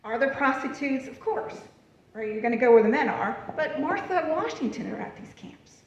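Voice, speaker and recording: A woman lecturing on history at a library event, chatty and lively, laughing often and checking in with the audience as she moves through her slides. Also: sits high, normal speed, slight background noise. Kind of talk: public library talk with slides. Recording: far from the mic, roomy and dull.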